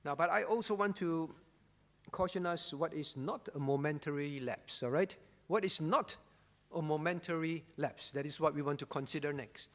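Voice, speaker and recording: A male pastor with a notably high voice delivers a sermon in a church, leaning on repetition and rhetorical questions to drive each point home. His words ring out with a long reverb from the hall around him. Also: normal speed, a bit bright. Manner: emphatic, repeats key phrases, frequent rhetorical "all right?".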